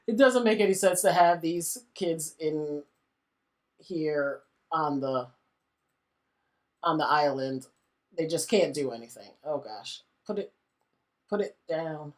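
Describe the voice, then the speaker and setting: A woman's voice: low voice, takes it slowly, pauses often. A woman hosting a gaming channel, giving casual let's-play commentary in a chatty, exasperated way and often laughing.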